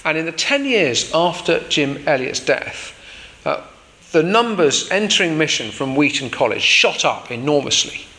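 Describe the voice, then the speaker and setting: A man's voice: a little high, sing-song, moderate pace, sharp tone, in a large hall. A man preaching a sermon in an informal, explanatory way with frequent fillers.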